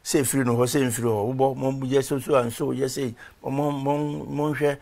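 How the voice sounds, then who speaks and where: A man's voice: medium pitch, little pitch movement, normal speed, vocal fry, warm tone. A man, a reverend and former footballer, talking as an interview guest in a rambling storytelling way and stopping to search for names. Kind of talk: conversational interview.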